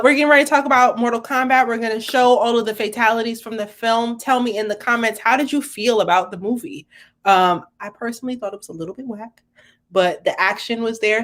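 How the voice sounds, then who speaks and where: A woman's voice: a little high, brisk, a bit bright. A woman hosting a casual chat, playful and teasing, laughing often. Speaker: podcast host.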